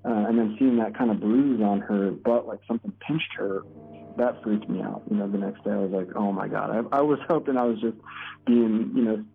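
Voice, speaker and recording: A man recounting events in an interview, speaking haltingly with many fillers and restarts. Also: on the low side, slight background noise. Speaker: husband recounting events, ER worker. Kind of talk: recorded interview testimony. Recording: tinny phone-like audio.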